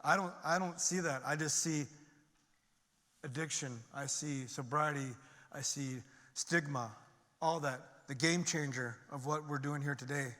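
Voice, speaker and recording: A man's voice: a little slow, pushed and bright. Middle-aged man on a stage, earnest emphatic testimony, ringing reverb of a large hall. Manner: earnest and emphatic, climbing in pitch and volume when stirred. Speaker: conference speaker. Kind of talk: personal recovery testimony to an audience.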